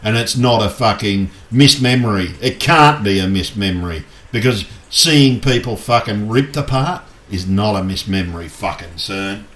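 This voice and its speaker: A man's voice: fairly low pitch, moderate pace, hardly any pauses, fairly bright tone. A man angrily ranting to his viewers, swearing constantly and agitated. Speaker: YouTuber. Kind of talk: angry rant to camera. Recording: echoey room.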